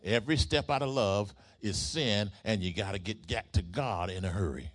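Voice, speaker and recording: A man's voice: fairly low pitch, normal speed. A man preaching a sermon, using rhythmic repetition and call-and-response with the congregation. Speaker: pastor.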